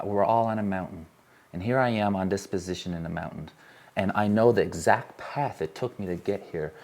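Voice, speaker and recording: A man giving an earnest, emotional talk to a live audience from a stage, repeating phrases as he builds intensity and then softens. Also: lowish voice. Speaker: workshop speaker.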